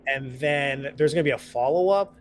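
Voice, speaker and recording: A man's voice: medium pitch, moderate pace, slight background noise. A man playing a spellcaster in a tabletop game, playful and describing his spells in detail. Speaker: player.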